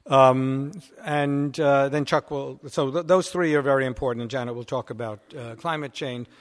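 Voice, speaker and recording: A man moderating an event, laying out the order of speakers in a halting way with many fillers. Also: medium pitch, fairly even intonation. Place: indoor hall. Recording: long hall reverb.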